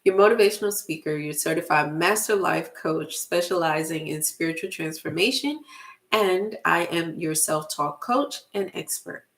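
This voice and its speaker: A middle-aged woman, a motivational speaker and spiritual life coach, giving a casual spiritual talk to camera, slow and emphatic, repeating phrases for effect. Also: fairly low pitch, a bit bright.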